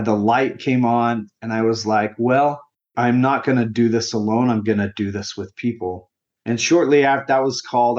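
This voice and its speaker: A man's voice: on the low side, darkish tone, lo-fi sound. A man in his forties, a grief counselor as an interview guest, telling his personal story in an earnest, heartfelt way. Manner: earnest and heartfelt, sometimes emotional.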